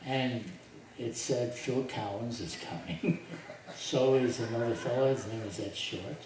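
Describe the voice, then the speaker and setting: An older man telling a story to a group, slowly and with lively voiced quotes. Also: mid-range voice. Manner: slow, animated retelling with voiced quotes and laughs. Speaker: speaker telling his life story to a group. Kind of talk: storytelling talk. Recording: echoey hall from far off, audible noise.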